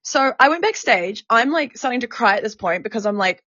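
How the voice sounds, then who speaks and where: A woman's voice: a little high, sing-song, normal speed, few pauses, a bit bright, no echo, muffled recording. A woman hosting a podcast who tells a personal story frankly and with animation, swearing freely. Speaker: podcast host and sex worker activist.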